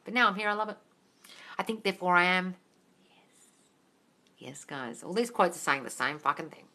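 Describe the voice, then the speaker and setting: A blunt, foul-mouthed woman who hosts a live question-and-answer stream, reading out comments and firing back quick, no-nonsense answers. Her voice sits fairly low for a woman but has a bright, forceful edge. She is speaking into a phone. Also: animated. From Australia. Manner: blunt and sweary, reads out comments and answers them.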